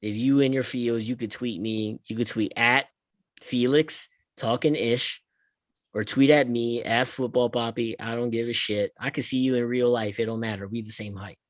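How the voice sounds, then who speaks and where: A man hosting a podcast, ranting in casual, profane chat that swings between loud bursts and quiet asides. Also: mid-range voice, steady tone, normal speed, no room sound. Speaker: podcast host.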